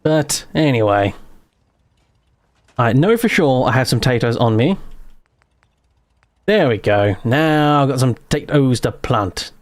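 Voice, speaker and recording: A man's voice: medium pitch, animated, a little slow, long pauses, dry recording. A man streaming a game live, muttering a chatty running commentary to himself as he plays. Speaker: gaming streamer. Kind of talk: casual live gameplay commentary.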